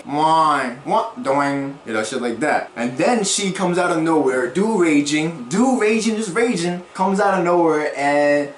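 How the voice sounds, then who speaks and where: A man's voice: a little high, a little hiss or hum. A man talking as a YouTuber, rambling through commentary on online drama in slangy speech that swears a lot. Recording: roomy echo.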